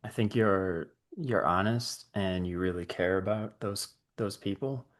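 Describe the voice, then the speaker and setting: Deep-voiced guy hosting a chill chat, calm and encouraging. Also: unhurried. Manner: relaxed and reassuring. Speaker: podcast host. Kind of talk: casual conversation.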